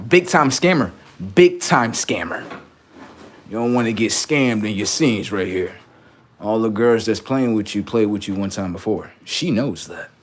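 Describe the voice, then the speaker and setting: A man's voice: lowish voice, a little hiss or hum. A man on a livestream, talking in a rambling, profane, boastful monologue, often laughing and acting out quoted voices. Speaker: livestream host.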